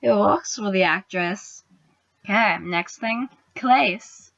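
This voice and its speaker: A young woman talks fast and eagerly about an episode she loved, gushing over the characters and now and then dropping into a hushed aside. Her voice sits in a middle range. The recording is dry and a little dull, like a basic home setup. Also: medium pitch, gravelly, no echo. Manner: gushing, excitable, drops into whispers. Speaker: booktuber reviewing a TV episode. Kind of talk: casual video review.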